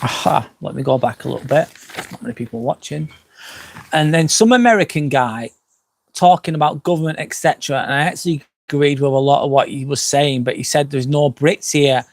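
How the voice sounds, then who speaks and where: A man hosting a casual live stream outdoors by a fire pit, a little drunk on wine, rambling through chat comments with lots of swearing and quick apologies. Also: a little high, creaky, slight background noise. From England. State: tipsy from wine.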